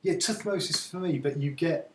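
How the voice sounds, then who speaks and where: A man's voice: a little high, moderate pace, a little mellow, a little hiss or hum. A man tutoring in Egyptology, explaining things in a casual, agreeable chatting way. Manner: easygoing, agreeable, conversational. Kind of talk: casual teaching chat. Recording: echoey room.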